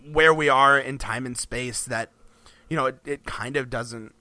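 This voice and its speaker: A man's voice: mid-range voice, measured pace, pushed and bright, no room sound. A man co-hosting a podcast in casual chat, rambling with frequent restarts and laughs between phrases. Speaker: podcast co-host.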